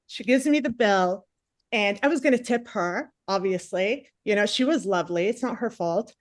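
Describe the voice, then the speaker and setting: A woman's voice: a little high, moderate pace, no echo, clean studio sound. A woman in her forties doing stand-up comedy, telling a rambling self-mocking story and acting out the other people's lines. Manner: chatty, self-mocking, acts out quotes.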